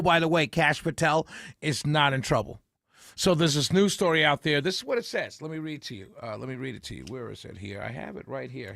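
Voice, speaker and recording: A man's voice: on the high side, creaky, no echo. A man hosting a talk radio show from a studio, giving his opinions emphatically and working them out as he speaks. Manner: emphatic, opinionated, thinks out loud. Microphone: studio microphone.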